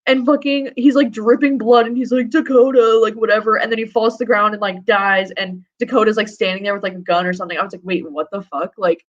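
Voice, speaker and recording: A woman's voice: mid-range voice, fairly even intonation, quick pace, hardly any pauses. Casual swearing young woman, lo-fi call. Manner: casual, swears often, many "like" fillers. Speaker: guest book reviewer. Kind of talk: casual book discussion. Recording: slightly dull lo-fi audio.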